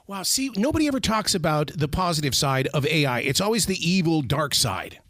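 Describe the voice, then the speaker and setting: A man with a fairly high voice hosts an interview at a quick clip. He sounds upbeat and encouraging, and the recording is dry. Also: expressive, a bit bright, no room sound. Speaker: interview host. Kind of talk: interview conversation.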